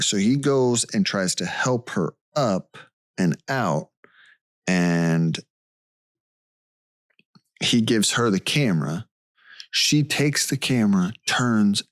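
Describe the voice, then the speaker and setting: A man's voice: on the low side, dry recording. A man co-hosting a podcast, retelling a case step by step in a casual way and checking in with "okay" as he goes. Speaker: podcast co-host. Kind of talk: casual storytelling chat.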